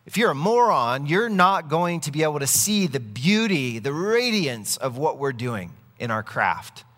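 A man voicing a smooth-talking swindler weaver making a grand sales pitch, in an echoey hall. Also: sing-song, measured pace, a bit bright. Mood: smooth, persuasive.

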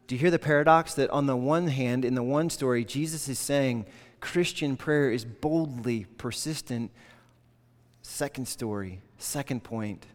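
A man preaching a sermon in an earnest, conversational way, slipping into animated quoted voices. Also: medium pitch. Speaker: pastor. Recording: long reverb of a large hall.

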